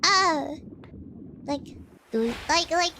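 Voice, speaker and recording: A woman with an extremely high, cutesy voice chats through a livestream, unhurried and drawn out. She rambles, leans on "like" fillers and coughs often between thoughts. There is a faint hiss of noise behind her. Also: animated. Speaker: streamer. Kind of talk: casual livestream chat.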